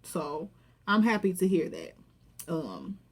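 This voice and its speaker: Animated woman recapping a reality show. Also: on the low side, slow, husky. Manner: animated, profane, acts out quotes with laughter. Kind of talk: casual recap commentary.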